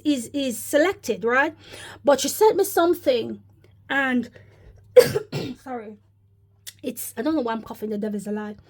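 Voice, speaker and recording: A woman's voice: fairly high pitch, a little mellow. A woman giving rambling religious commentary to her viewers, often calling them brothers and sisters. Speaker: religious vlogger. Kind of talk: casual spoken religious commentary.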